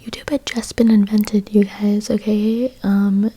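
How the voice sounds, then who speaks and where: Woman in her twenties, whispered role-play, soft husky whisper, mellow tone, rambling with lots of fillers. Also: mid-range voice, level tone, a little slow. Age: 20s. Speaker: ASMR YouTuber. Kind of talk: whispered casual chat.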